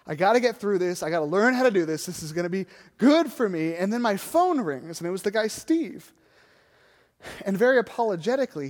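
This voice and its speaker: Forties male pastor, lively self-mocking preacher, long hall reverb. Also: high-pitched, a little fast. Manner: animated, self-deprecating storytelling. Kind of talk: sermon storytelling.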